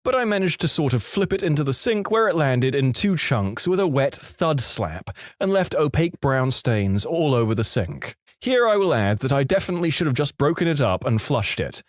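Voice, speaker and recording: A man reading a story aloud as narrator, in a lively, expressive way. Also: on the high side, normal speed, few pauses, no echo, studio quality.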